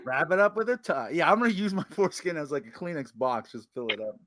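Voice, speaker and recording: A man's voice: on the high side, expressive, fast talker, fairly bright tone. A man joking as a guest on a podcast, talking animatedly with playful exaggeration. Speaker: guest comedian. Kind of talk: casual podcast chat.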